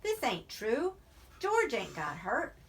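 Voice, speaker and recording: A big, childlike farmhand, put on by a woman in a storybook audiobook. His voice is raised and loud, plaintive and insistent. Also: on the high side, huge pitch swings, takes it slowly, slight background noise, voice pushed up, exaggerated voice. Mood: upset. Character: big, simple-minded, frightened male farmhand. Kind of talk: audiobook reading.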